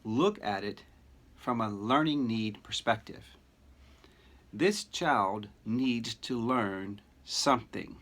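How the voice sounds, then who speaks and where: A middle-aged man giving a recorded lecture to teachers, earnest and emphatic, with deliberate pauses. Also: medium pitch, fairly bright tone. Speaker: teacher educator.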